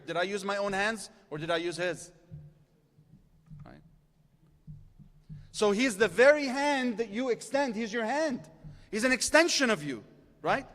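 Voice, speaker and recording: A man giving a lively sermon to a gathered audience, building intensity through numbered lists and calling for responses. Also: high-pitched, normal speed. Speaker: religious lecturer. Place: large hall with long reverb. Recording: reverberant hall.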